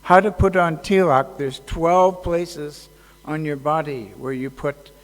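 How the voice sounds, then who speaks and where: A man giving a casual devotional talk at a festival, halting and joking, with many fillers. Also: a little high. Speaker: speaker at a temple festival. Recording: long hall reverb.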